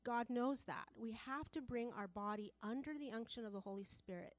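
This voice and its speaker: A woman's voice: fairly high pitch, moderate pace, no echo. Passionate woman preaching a sermon. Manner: passionate, repetitive, builds in volume.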